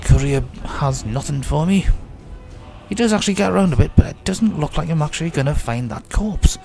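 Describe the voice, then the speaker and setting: A man's voice: fairly high pitch, animated, a little fast, creaky, dark tone, soft background music. Chatty man with a sore throat. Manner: rambling, chatty, mock-grumbling at the game; drifting in and out of put-on accents. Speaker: let's play gamer. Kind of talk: casual gameplay commentary.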